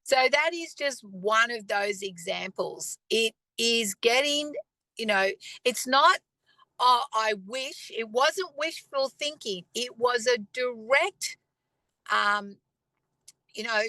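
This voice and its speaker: Earnest woman with a bright, dry voice. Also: a little high, expressive, no echo, poor audio. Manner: earnest and conversational, with pauses and throat clearing. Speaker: faith speaker. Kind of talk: personal testimony talk.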